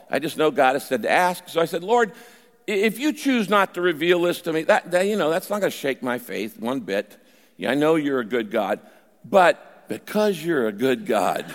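An older man preaching a sermon as a pastor, telling a personal story and swinging between quiet asides and emphatic bursts. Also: fairly high pitch. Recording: long hall reverb.

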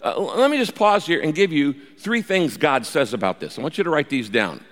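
Animated male preacher in a reverberant hall. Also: fairly high pitch, fairly quick. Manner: animated storytelling, acting out quoted dialogue. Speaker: pastor. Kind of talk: sermon.

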